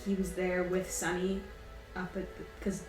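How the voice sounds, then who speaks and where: A woman player in a tabletop game session who asks quick, pointed questions. Her voice sits in a roomy, echoing space. Clear music runs behind her. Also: lowish voice, completely flat delivery. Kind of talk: tabletop role-play chat.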